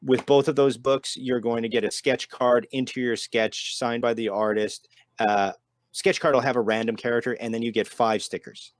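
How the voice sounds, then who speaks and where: A man from Canada, a guest comic creator, giving a quick casual pitch with lots of ums and uhs. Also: steady tone, no room sound. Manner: quick, filler-heavy pitch.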